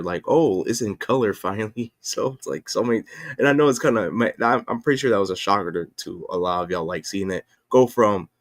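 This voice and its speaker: Low-voiced man rambling on a stream. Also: fairly bright tone, no echo, clean studio sound. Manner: rambling, self-correcting, many fillers. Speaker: livestream host and comic creator. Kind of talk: casual livestream chat.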